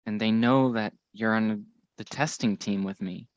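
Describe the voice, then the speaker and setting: A man playing a tabletop game, thinking out loud in a tentative, searching way. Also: lowish voice, steady tone, unhurried, highs cut off. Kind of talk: casual chat at a game table.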